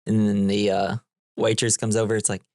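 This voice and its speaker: A man's voice: on the low side, little pitch movement, a little fast, a little mellow, no room sound, clean studio sound. A man co-hosting a movie podcast, retelling scenes in a loose, rambling way, full of "like". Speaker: podcast co-host. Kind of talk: casual movie-recap chat.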